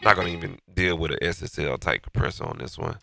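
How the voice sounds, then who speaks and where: Gravelly deep man with a stuffy nose. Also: fast, over music. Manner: loose and slangy, talking to himself while working. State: stuffy-nosed from being sick. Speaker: beat maker walking through a mix. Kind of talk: casual mixing tutorial.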